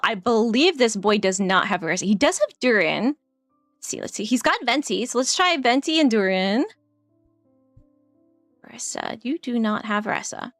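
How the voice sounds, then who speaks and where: A woman's voice: fairly high pitch, fairly bright tone, no echo, studio quality. Chatty woman streaming a game. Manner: chatty, laughs often, trails off while thinking. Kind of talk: casual gameplay commentary.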